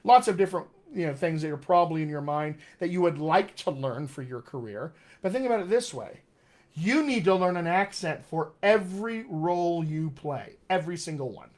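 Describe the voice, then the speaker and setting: A man's voice: fairly high pitch, animated, moderate pace. A man coaching actors on accents in a live-streamed Q&A, talking with energy and repeating his key points for emphasis. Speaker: dialect coach.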